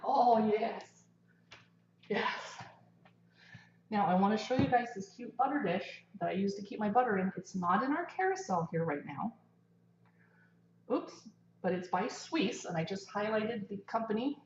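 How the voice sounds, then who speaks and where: A woman's voice: medium pitch, animated, a little slow, pauses often, darkish tone, slight background noise. A woman hosting a casual cooking livestream from her home kitchen, chatting to viewers as she cooks and eats. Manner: chatty, talks while eating and cooking. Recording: echoey kitchen, slightly dull sound.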